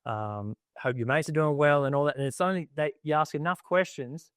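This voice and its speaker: A man's voice: fairly high pitch, fairly quick, fairly bright tone, dry recording. Australian male podcast guest, reflective and earnest, casual filler-heavy delivery, dry room. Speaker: guest, army veteran.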